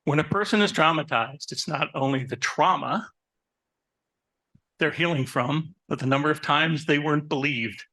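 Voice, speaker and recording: A man who works as a therapist, giving a lively talk to an audience, asking them questions and telling stories about his own life. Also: a little high, moderate pace. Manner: animated, asks the audience questions; personal anecdotes, conversational. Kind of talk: live presentation to an audience.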